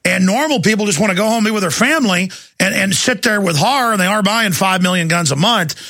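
Brief: blunt male talk host, high and gravelly, stammering restarts, dry sound. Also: fast, pushed and bright, dry recording. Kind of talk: political talk show.

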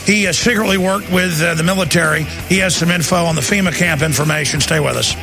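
A man's voice: a little high, fast, loud music behind the voice. A man hosting a talk radio show, ranting sarcastically and with emphasis.

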